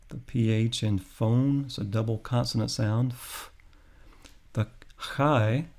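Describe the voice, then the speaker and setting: Slow, gravelly-voiced male teacher. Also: medium pitch, darkish tone. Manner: deliberate, spells out each sound. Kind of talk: slow, careful instructional lesson.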